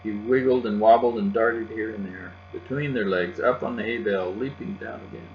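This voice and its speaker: A man reading a children's novel aloud in a steady, gentle narration. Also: lowish voice, a little fast, gravelly. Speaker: audiobook narrator. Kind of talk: children's book read aloud. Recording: dull lo-fi with faint music and hum.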